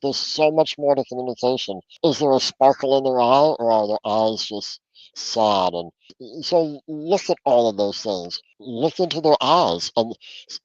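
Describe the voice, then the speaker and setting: A man's voice: mid-range voice, expressive, unhurried, a little mellow, no room sound, dull audio. A man giving a podcast interview as a coach, talking through mindfulness exercises in an earnest, instructive way and often repeating words as he restarts. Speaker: transformational coach, guest. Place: home office.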